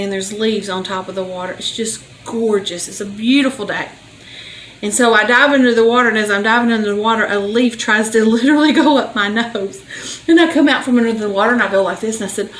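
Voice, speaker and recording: A woman's voice: mid-range voice, roomy sound, slight background noise, poor audio. An older woman, hosting a home cooking vlog and chatting in a homey way as she cooks. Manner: chatty, homey storyteller, laughs often. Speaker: home cooking show host. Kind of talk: casual cooking vlog chat. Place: home kitchen.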